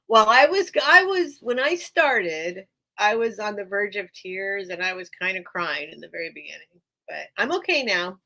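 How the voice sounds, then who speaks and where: A woman hosts a relaxed live-stream sale, talking in loose, rambling chat and laughing often. Her voice is bright and clear, and she sounds a little worn from being unwell. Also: medium pitch, normal speed, rough recording. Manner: chatty and rambling, laughs often, repeats herself. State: unwell, recovering from illness. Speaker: online seller hosting a live sale.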